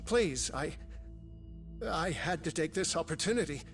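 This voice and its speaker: A hesitant, guilt-ridden scientist. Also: male voice, a little high, expressive, measured pace. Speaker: research scientist. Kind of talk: dubbed game dialogue. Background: dramatic game music.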